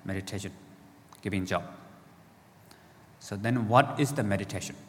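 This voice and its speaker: A man's voice: lowish voice, moderate pace, long reverb tail. A man teaching meditation to a live audience in simple, playful phrases, checking in with questions.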